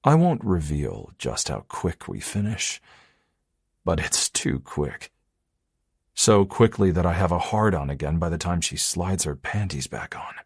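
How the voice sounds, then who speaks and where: Deep, husky male audiobook narrator. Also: very animated, unhurried, no room sound, clean studio sound. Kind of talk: first-person romance audiobook narration.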